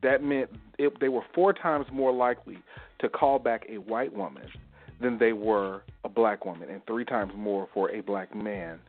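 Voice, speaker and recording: A man's voice: on the low side, moderate pace. Storytelling man on a tinny line. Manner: storytelling, animated anecdotes. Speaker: talk show co-host. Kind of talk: casual panel chat.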